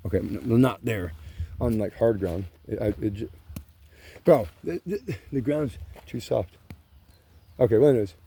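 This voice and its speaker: A man's voice: mid-range voice, moderate pace, creaky, pauses often, dark tone, slight background noise. A man, rambling casually and profanely while pacing along grassland trails outdoors. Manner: rambling, profane, says "you know" and "bro" a lot. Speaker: vlogger.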